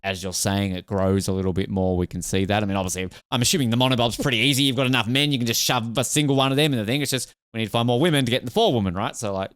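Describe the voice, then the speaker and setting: Man, podcast host, chatty, joking, rambling, smooth clear voice, dry sound. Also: mid-range voice, steady tone, racing, few pauses, no room sound. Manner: chatty and joking, rambling questions with many fillers. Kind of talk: casual interview chat.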